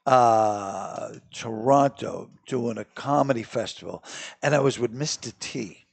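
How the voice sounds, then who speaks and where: Boston-accented comedian, male, husky and gravelly, animated rambling storyteller. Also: mid-range voice, a little slow. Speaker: comedian guest. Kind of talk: casual storytelling chat.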